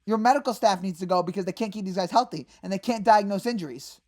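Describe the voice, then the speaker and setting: A woman hosting a fan channel, ranting in exasperation about her team and breaking into sudden shouted outbursts. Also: medium pitch, quick pace. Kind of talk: angry fan rant.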